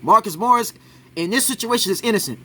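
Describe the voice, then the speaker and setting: A man's voice: sits high, fast, pushed and bright. A man giving an argumentative reaction commentary on a sports clip, keeps asking "right?" after his points.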